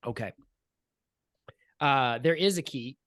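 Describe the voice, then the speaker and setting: A man running a tabletop game as game master, describing scenes with many pauses and restarts. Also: medium pitch, fairly bright tone, dry recording, clean studio sound. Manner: rambling, hesitant with ums.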